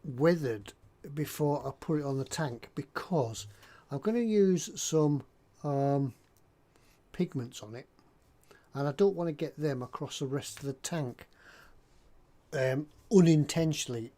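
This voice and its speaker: A man with a voice pitched a little above the usual chats away while he works at his hobby bench. His talk is loose and rambling, full of small jokes and side tangents. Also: measured pace, pauses often, mellow. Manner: rambling and jokey, drifts off topic. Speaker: scale model builder. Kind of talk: casual chat while working on a model. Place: hobby workbench indoors.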